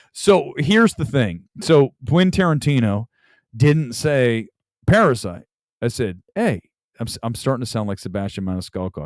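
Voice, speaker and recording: A man's voice: medium pitch, no echo, studio quality. A man hosting a livestream, telling a rambling story in casual chat with lots of restarts. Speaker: show host. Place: Los Angeles.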